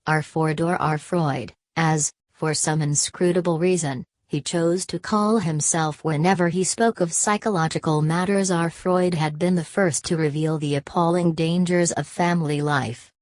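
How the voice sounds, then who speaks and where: A woman narrating a novel as an audiobook in a measured, even reading. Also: low-pitched, no echo. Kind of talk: scripted narration.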